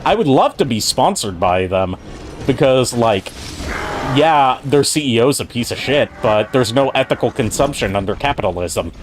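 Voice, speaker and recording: A man's voice: medium pitch, expressive, slight background noise. A man hosting a game stream, chatting casually with friends, rambling and swearing as he talks. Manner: rambling, profane, talks through pauses. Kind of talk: casual chat over gameplay.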